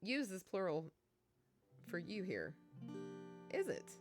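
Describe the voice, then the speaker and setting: A woman's voice: on the low side, wildly swooping pitch, takes it slowly, over music. A middle-aged woman with a Kentucky Southern accent, chatting casually and giggling with her live-stream viewers.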